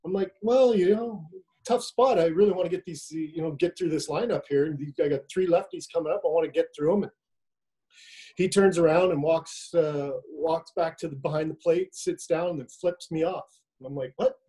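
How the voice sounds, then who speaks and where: A man, a former pitcher, recounting relaxed anecdotes on a video call. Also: fairly quick, poor audio.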